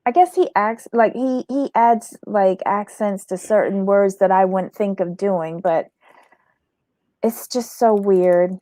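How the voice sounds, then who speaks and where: A woman's voice: mid-range voice, takes it slowly, mellow, dry recording. A woman hosting a casual commentary chat about a reality show, reading the live chat aloud. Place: in Florida.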